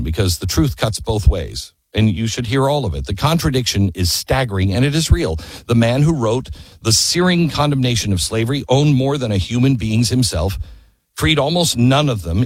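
Guy with a husky voice telling history stories, really lively up and down pitch, keeps asking questions at you. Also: no echo, clean studio sound. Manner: emphatic, asks rhetorical questions. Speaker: history storyteller. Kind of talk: impassioned history talk.

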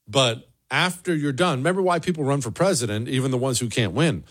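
A man's voice: medium pitch, fairly quick, a bit bright, breathy edge. A man hosting a political commentary show, delivering a sarcastic, emphatic solo monologue with a lot of repetition. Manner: sarcastic, emphatic, repeats for effect.

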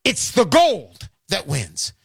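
A man hosting a talk radio show, giving a brash, emphatic hard-sell pitch and taking callers. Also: huge pitch swings, slow, vocal fry, breathy edge, dry recording. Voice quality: brash, emphatic, rhyming patter.

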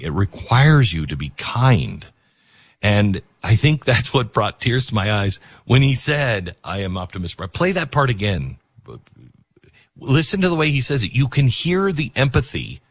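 A man's voice: lowish voice, breathy edge, no room sound. A man hosting a talk radio show, rambling in casual commentary with many fillers and restarts.

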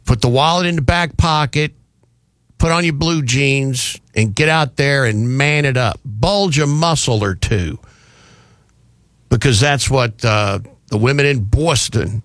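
A man's voice: medium pitch, a little slow, fairly bright tone, no echo. A man hosting a talk radio show, delivering mocking, sarcastic commentary on a studio microphone.

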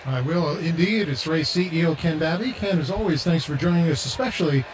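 A male play-by-play announcer calling a baseball game on radio, brisk and friendly, slightly high-pitched. Clear ballpark noise runs under him.

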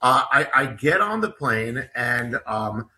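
A man's voice: medium pitch, very animated, slow, bright, forceful tone. A man guesting as an author on an interview show, telling a personal story in a rambling way with many restarts and repeated words.

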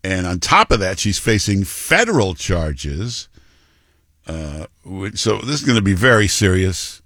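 A man's voice: low voice, big pitch swings, a little slow, sharp tone, no echo, studio quality. A male talk radio host giving blunt, mocking commentary with many fillers and restarts.

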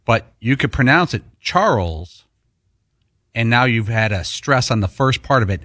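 A man on the studio crew of a sports radio show, measured and matter-of-fact as he looks things up. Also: mid-range voice, sharp tone, no room sound. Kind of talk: studio banter.

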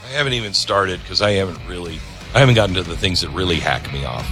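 A deep-voiced radio talk host rants sarcastically through an opinionated monologue, then reads an ad in his own voice. He speaks quickly, expressively, and forcefully with a bright tone, over soft background music.

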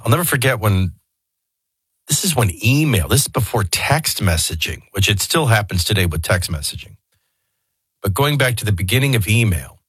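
Low, husky talk radio host. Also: male voice, a bit bright, no room sound. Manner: conversational, digressive, folksy asides. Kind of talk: casual talk radio commentary. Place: radio studio. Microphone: studio microphone.

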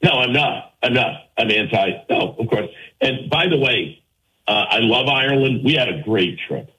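A man's voice: medium pitch, lively intonation, normal speed, pushed and bright, rough recording. A man hosting a call-in radio show, arguing his point emphatically and firing rhetorical questions at his listeners. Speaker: talk radio host.

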